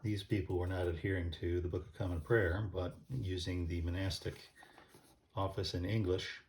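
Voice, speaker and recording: A man's voice: deep voice, steady tone, normal speed, a little mellow, slight background noise. A man explaining church music casually, thinking aloud with many ums and restarts as he pages through a book.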